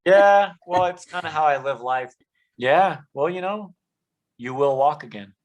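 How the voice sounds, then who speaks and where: A man's voice: a little high, expressive, measured pace, dull audio. A man earnestly telling his life story as a podcast guest, with many "um"s and "you know"s. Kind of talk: conversational testimony.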